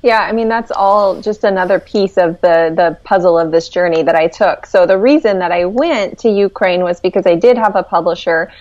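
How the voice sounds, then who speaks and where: A woman's voice: on the low side, normal speed, few pauses, darkish tone, no room sound, dull audio. A woman author answering interview questions, often hesitating and repeating a word as she starts a thought. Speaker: author guest.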